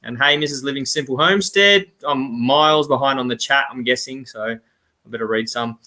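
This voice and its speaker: A man's voice: medium pitch, fairly quick, pushed and bright. Australian man hosting a laughing live chat. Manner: reads viewer comments aloud, laughs often. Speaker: livestream host.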